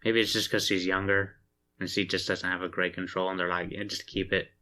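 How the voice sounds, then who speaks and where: A man co-hosting a casual movie review podcast, easygoing and measured, trailing off at the ends of his sentences. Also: deep voice, little pitch movement, pushed and bright. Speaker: podcast co-host.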